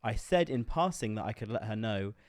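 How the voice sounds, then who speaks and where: Brief: podcast co-host reading a listener letter, lowish voice, dry. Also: male voice, lively intonation, no room sound. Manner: measured reading with frequent "uh".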